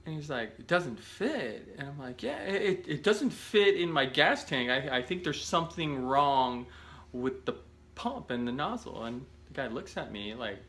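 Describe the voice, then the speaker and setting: Male vlogger with a bright, forward tone, telling a rambling, self-mocking story straight to camera. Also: mid-range voice, normal speed. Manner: animated, self-deprecating, rambling with restarts.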